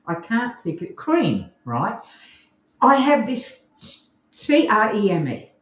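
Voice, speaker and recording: A woman's voice: mid-range voice, very animated, slow. An Australian woman co-hosting a casual podcast, chatty and rambling, laughing often. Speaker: co-host. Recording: echoey room.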